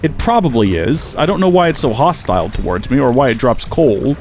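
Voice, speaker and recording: A man's voice: mid-range voice, very animated, a little fast, faint music behind. A man giving casual, chatty commentary while playing a survival game, talking to the animals he meets and joking with himself. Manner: chatty, talks to animals and himself, jokey asides. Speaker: Minecraft let's-play host.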